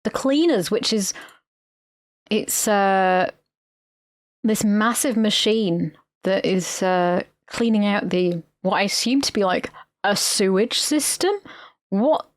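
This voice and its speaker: A woman's voice: mid-range voice, slow, no echo, clean studio sound. A woman co-hosting a podcast, retelling a film in a rambling, sweary way. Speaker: podcast co-host. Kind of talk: casual film-recap chat.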